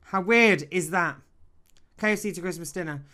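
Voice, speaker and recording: A man's voice: high voice, normal speed, pushed and bright. A man hosting a podcast, chatting casually with guests and reading out trivia. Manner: chatty, laughs often, reads trivia out. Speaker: podcast host.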